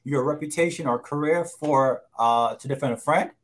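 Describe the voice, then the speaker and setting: A man co-hosting a casual podcast chat, speaking in a measured way with frequent fillers and "okay"s. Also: mid-range voice. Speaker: co-host.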